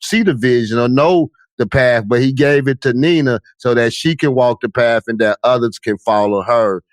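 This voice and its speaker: A man's voice: medium pitch, normal speed, dry recording. A man hosting a podcast interview, talking in a preachy way and often checking in with his listener. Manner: preachy, repeats "you know what I'm saying". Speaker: podcast host.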